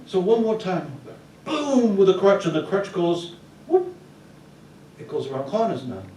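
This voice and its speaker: A man telling comic stories to a live audience on a small theater stage, playful and animated, acting out sounds. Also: high voice, brisk, distant mic, a little hiss or hum. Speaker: storyteller at open mic. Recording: roomy hall, heard from afar.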